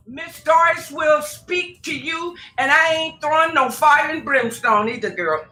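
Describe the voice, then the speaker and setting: A woman's voice: high-pitched, bright, forceful tone. A woman spiritual advisor from Tacoma, Washington, talking as a guest on a radio show. She speaks emphatically and with exclamation, calling the host "girl" and "honey.". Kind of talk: casual preachy radio chat. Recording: echoey room, faint noise.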